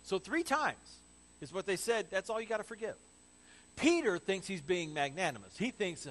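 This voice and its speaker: A man preaching a sermon in an animated, conversational way with joking asides, as pastor. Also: high voice, normal speed, poor audio.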